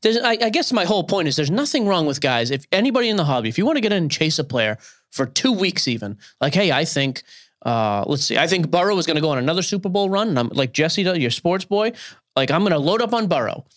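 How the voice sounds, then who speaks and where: Man, mid thirties, podcast co-host, opinionated rant, very animated pitch. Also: quick pace. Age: 30s. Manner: opinionated, ranting. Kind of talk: casual podcast chat.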